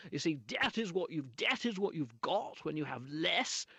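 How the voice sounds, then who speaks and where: A man's voice: on the high side, big pitch swings, moderate pace, creaky, bright, forceful tone, slightly rough, no room sound, full character voice. A man voicing an earnest male British political leader, delivering a speech in a stumping manner during a radio interview.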